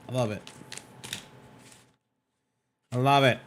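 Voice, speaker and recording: Excitable man streaming a game. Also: mid-range voice, unhurried, slight background noise. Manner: excitable, hypes with constant "dude" and "man". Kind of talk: live gameplay stream commentary.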